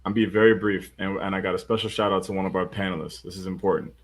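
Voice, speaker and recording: A man co-hosting a casual live stream panel as a film reviewer, animated, swearing freely and joking about himself. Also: deep voice, quick pace. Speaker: co-host and reviewer.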